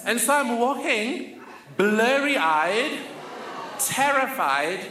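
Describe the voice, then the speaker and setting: A man's voice: very high-pitched, big pitch swings, extremely slow, a crowd in the background. A young man telling a wry, vivid personal story on stage. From South Africa. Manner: vivid, wry, self-mocking. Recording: echoey hall, faint ambience.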